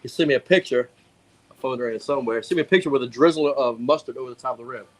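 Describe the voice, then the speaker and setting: A man's voice: medium pitch, fast. Laughing storyteller man. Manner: animated, laughing storyteller acting out quotes. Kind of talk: casual storytelling chat.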